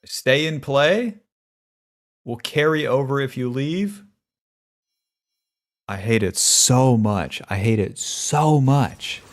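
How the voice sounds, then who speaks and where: A man's voice: mid-range voice, slow pace, long pauses. A man streaming a video game, chatting casually with a wry, profane, grumbling manner. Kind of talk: casual gaming stream chat.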